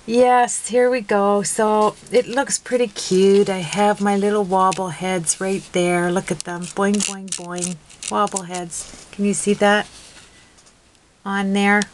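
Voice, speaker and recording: Slow-talking giggly woman crafting. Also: medium pitch, steady tone, a little hiss or hum, low-quality recording. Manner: giggly, rambling, self-mocking. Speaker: card-making vlogger. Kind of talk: casual crafting video chat.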